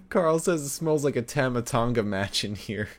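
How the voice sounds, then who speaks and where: A man's voice: medium pitch, animated, unhurried. A man co-hosting a podcast, recapping a show in rambling casual chat with lots of fillers and laughs. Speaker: podcast co-host.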